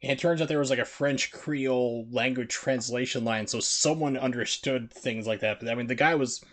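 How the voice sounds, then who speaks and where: A man's voice: mid-range voice, moderate pace. A man from the United States streaming a game, chatting in a rambling, filler-heavy way. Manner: rambling, filler-heavy chat with put-on voices. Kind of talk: casual gameplay commentary.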